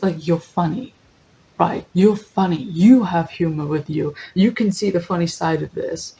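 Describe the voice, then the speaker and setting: A tarot reader with a gravelly, creaky voice talks through a casual general reading, thinking aloud and often correcting themselves. They laugh easily and read word lists from a guidebook. A faint low rumble sits behind the voice. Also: moderate pace, mellow, rough recording.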